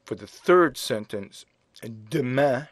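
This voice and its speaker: A man teaching a French lesson in English, explaining grammar slowly and spelling out words letter by letter. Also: mid-range voice, animated, no echo. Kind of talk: slow classroom explanation.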